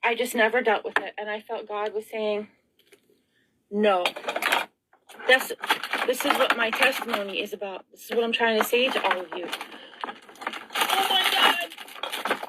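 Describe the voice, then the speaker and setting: A woman's voice: mid-range voice, steady tone, normal speed, long pauses, very noisy. A middle-aged woman vlogging in an emotional, rambling monologue, frazzled and tearful, sighing and asking rhetorical questions.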